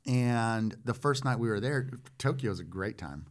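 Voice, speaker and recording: A man in his forties, a former Marine guest on a podcast, telling stories in a self-deprecating, halting way with lots of fillers. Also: medium pitch, lively intonation. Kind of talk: casual storytelling chat.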